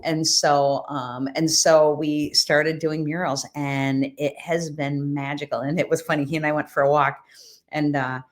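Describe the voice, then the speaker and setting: A woman guest on a podcast, telling a story with lively, acted-out dialogue. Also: low voice, a little slow. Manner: animated, acts out quoted dialogue. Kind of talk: casual storytelling.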